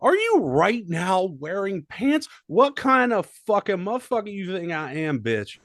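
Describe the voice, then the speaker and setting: A man's voice: sits high, big pitch swings, measured pace, a bit bright, dry recording, studio quality, heavily acted. A man putting on a foul-mouthed, combative voice as a brash male rapper. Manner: profane, combative.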